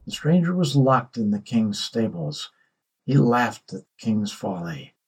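A man narrating a myth in a measured storytelling voice. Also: fairly low pitch, very animated, breathy edge, rough recording.

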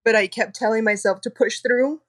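A woman speaks as a podcast guest, telling her own story. She is earnest and emotional, and her speech comes quickly. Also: on the high side. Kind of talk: personal storytelling in an interview.

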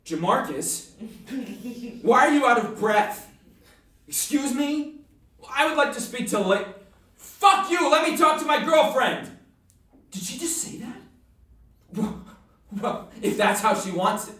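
A man's voice: sits high, lively intonation, a bit bright. An actor playing a flustered, heartbroken male troop leader who swings into frantic outbursts. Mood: furious. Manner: frantic, emotional, quick to outbursts. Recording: very echoey, distant-mic recording.

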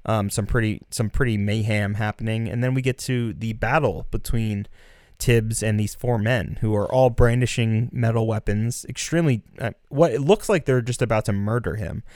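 A man's voice: lowish voice, moderate pace, a little mellow, no echo, clean studio sound. A man co-hosting a casual film discussion, enthused and emphatic, filling his speech with "like" and "so". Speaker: podcast co-host.

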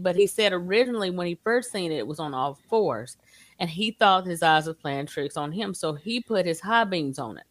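A woman, a guest telling her story in a casual, animated way. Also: lowish voice, brisk, no echo.

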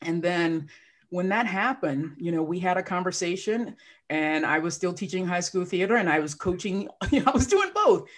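A woman with a lowish voice speaks at a moderate pace. She's a life coach appearing as a guest on a casual podcast interview, telling her story with real emotion and animatedly acting out the things people said to her.

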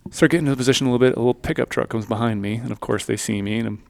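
Low gravelly guy telling a hunt story, dry close mic. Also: racing, no echo. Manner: animated storyteller, quotes his own thoughts. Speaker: podcast co-host and hunter. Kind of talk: casual storytelling chat.

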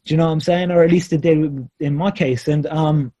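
A man's voice: on the high side, steady tone, brisk, warm tone. A man, a pro wrestler, talking casually on a podcast, reflective and rambling with many fillers.

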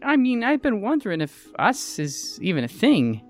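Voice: medium pitch, wildly swooping pitch, normal speed, faint music behind. An actor voicing a teasing, folksy young man with a drawling way of talking.

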